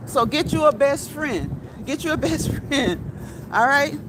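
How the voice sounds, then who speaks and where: High-voiced woman chatting on a walk. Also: lively intonation, unhurried. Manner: chatty, repeats phrases, ends lines with "okay?" and "right?"; reads viewer comments aloud. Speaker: live-stream host. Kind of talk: casual live-stream chat while walking. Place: outdoors near a street and train tracks. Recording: outdoor street with traffic noise. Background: passing cars and a train.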